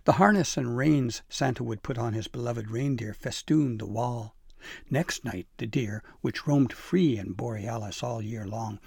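A man narrating a storybook in a gentle, measured reading. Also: mid-range voice, gravelly, slightly rough, no room sound, studio quality.

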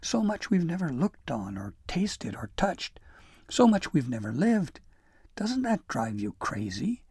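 A restless young elf longing for adventure, speaking earnestly with a wistful edge, as a man puts him on. The tone is mellow and a bit husky, with a dry, close sound. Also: a little high, very animated, a little slow, no room sound, pitched above the performer's own voice, exaggerated voice. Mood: yearning. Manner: earnest, yearning.

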